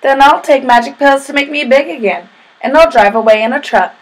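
A woman's voice: sits high, a little fast, pitched above the performer's own voice, natural voice. Kevin, a timid clever boy, as a woman puts him on. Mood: earnest.

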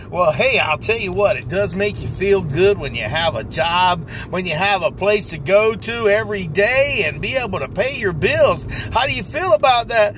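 A man's voice: sits high, big pitch swings, normal speed, fairly bright tone, a little hiss or hum, poor audio. A man hosting a comedic mock interview, laughing often in a folksy, plain-spoken way. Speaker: comedy host posing as an interviewer.

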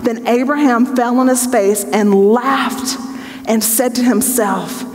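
A woman's voice: fairly high pitch, takes it slowly, a little mellow, in a large hall. A woman Bible teacher leading an evening study, who reads scripture aloud and then explains it in a chatty, joking way.

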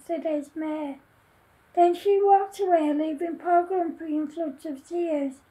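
A woman reading her own children's story aloud in a slow, deliberate, homely way. Her voice is very high yet mellow, and she takes her time over every line. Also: fairly even intonation, low-quality recording.

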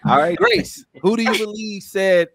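Lively laughing game show host man. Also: high-pitched, creaky, husky, no room sound. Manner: playful, laughing, quick announcements. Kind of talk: casual game show hosting.

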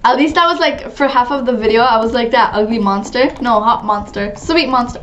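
A young woman giving giggly, chatty, excitable commentary while playing a game, often breaking into squealed greetings. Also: a little high, brisk, hardly any pauses, muffled recording, slight background noise. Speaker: gaming channel host. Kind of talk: casual gameplay commentary.

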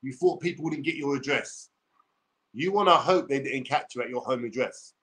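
A man's voice: mid-range voice, moderate pace, a bit bright. A man in his forties with a London accent, ranting combatively and swearing on a livestream. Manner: combative, profane, streetwise slang. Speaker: YouTuber. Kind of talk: livestream rant.

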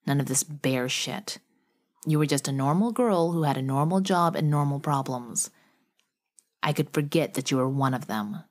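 Female narrator doing a sneering angry brother, low voice, scornful, lightly acted. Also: moderate pace. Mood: bitter. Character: bitter dismissive young man, brother.

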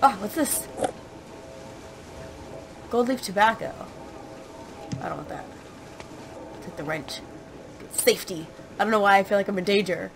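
A woman's voice: lowish voice, normal speed, gravelly, long pauses, background noise. A woman hosting a let's play, chatting and reading game notes aloud in a self-mocking way. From United States. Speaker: gaming channel host.

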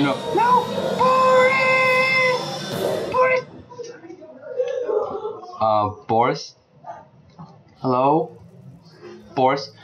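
A man giving let's play commentary, talking to the game characters and breaking into panicked shouts. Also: mid-range voice. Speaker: gaming channel host. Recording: clear background noise.

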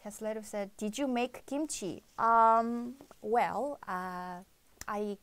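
A young woman from South Korea hosting a live-stream quiz show, chatting bubbly and reading out viewer comments with excited outbursts. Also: medium pitch, takes it slowly, no echo.

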